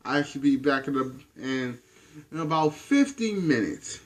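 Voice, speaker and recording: A man quoting a calm, plain-spoken mother. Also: mid-range voice, unhurried, lightly acted. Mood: matter-of-fact. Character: calm middle-aged mother heading out.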